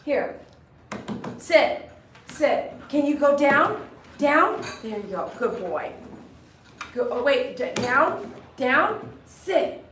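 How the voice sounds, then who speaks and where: A woman's voice: sits high, big pitch swings, drawn-out words, pauses often, fairly bright tone, a little hiss or hum. A woman dog groomer giving a casual grooming tutorial, chatty and coaxing a dog with short commands. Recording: roomy echo, mic at a distance.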